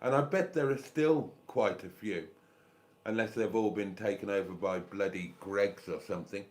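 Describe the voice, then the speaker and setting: A man's voice: on the low side, moderate pace, darkish tone. An older man with a South Welsh accent, hosting a live stream in casual chat, rambling as he thinks aloud and thanks viewers. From South Wales.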